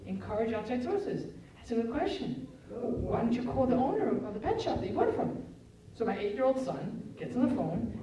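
Man, parenting lecture, mellow voice, lively pitch swings, acts out scenes. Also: normal speed, dull audio. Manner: animated, acts out family scenes in quoted voices. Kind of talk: live parenting talk. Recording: roomy echo, speaker far from the mic.

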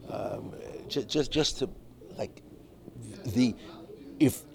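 Gravelly man teaching a Torah class. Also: medium pitch, very slow, a crowd in the background. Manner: digressive, restarts often, mixes in Hebrew and Yiddish terms. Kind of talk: informal religious class with storytelling. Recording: clear background noise.

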